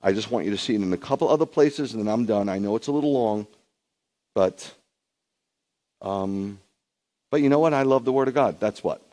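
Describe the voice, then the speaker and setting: A rabbi preaches to a streamed congregation, speaking fairly quickly and pausing often. He's conversational with viewers at home, then surges high and loud in emphatic bursts.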